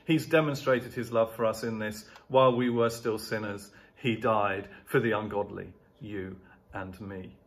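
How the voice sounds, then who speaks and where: A man's voice: on the low side, fairly even intonation, a little slow. Man preaching with emphatic repetition. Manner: emphatic, rhetorical repetition, rising on key words. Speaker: pastor. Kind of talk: sermon.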